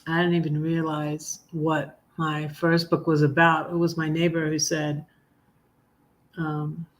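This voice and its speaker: A middle-aged woman hosting a live stream, chatting casually and reading her own poems in a halting, heartfelt way with many ums and restarts. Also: deep voice, flat delivery, a little hiss or hum. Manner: halting, full of ums and restarts, soft laughs; heartfelt, gets emotional while reading. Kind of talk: casual livestream chat and poetry reading.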